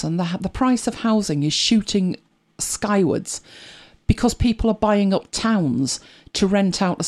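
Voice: medium pitch, gravelly, darkish tone. A middle-aged speaker with an English accent, chatting casually and reflectively as a host, often laughing and trailing into asides. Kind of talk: casual chat.

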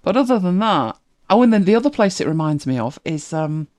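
With a medium pitch and a sing-song lilt, a streamer from the north of England speaks slightly quickly in a softened northern accent. They react to videos, chat casually to viewers, think out loud and laugh often.

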